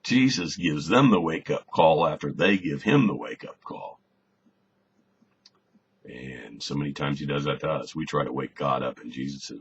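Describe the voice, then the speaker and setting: A man with an extremely low, gravelly voice leads a relaxed Bible study, thinking aloud and repeating words as he finds his way. The recording sounds a little dull, with a faint hiss underneath. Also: moderate pace. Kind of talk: conversational Bible lesson.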